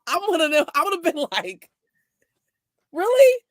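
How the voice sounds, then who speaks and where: A woman's voice: on the high side, lively intonation, moderate pace, slight background noise. A woman hosting a faith-based program, teasing her guests and breaking into laughter. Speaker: host. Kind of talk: playful chat with guests.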